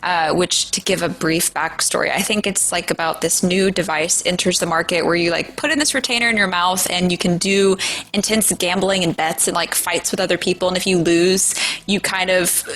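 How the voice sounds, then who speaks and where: A woman's voice: on the low side, steady tone, normal speed, a bit bright, low-quality recording. A woman voice actor telling playful, self-mocking studio anecdotes in a casual interview. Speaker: voice actor, guest.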